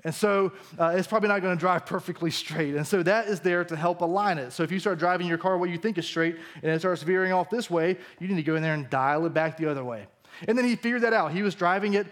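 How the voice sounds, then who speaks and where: A man's voice: high-pitched, a little fast. A male pastor preaching a sermon in a church, acting out the disciples' lines as he goes. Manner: animated, acts out the disciples' lines.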